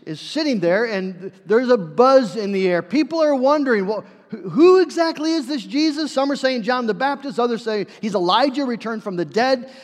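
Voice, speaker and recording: High-voiced preacher in an echoing hall. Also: male voice. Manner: earnest storytelling with acted-out quotes. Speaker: pastor. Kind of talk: sermon. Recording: long hall reverb.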